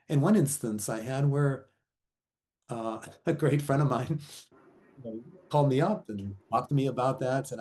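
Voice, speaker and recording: A man's voice: mid-range voice, a little fast, mellow. A middle-aged man, an actor and author, telling stories in a rambling, casual way, acting out quotes and laughing often. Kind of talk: casual interview talk.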